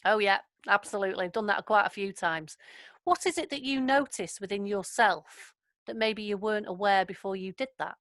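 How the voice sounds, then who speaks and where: A woman's voice: medium pitch, moderate pace, a bit bright, dry recording. A woman leading an online training session over a video call, chatty and affirming. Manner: chatty, affirming, laughs often. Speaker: workshop facilitator.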